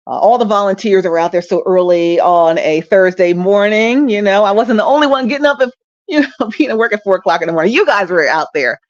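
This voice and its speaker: A woman's voice: mid-range voice, lively intonation, brisk, no room sound, highs cut off. A woman, talking in a rambling, upbeat vlog style and laughing often, recorded lying down at home on a phone or webcam. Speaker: traffic reporter and streaming host. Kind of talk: casual direct-to-camera vlog.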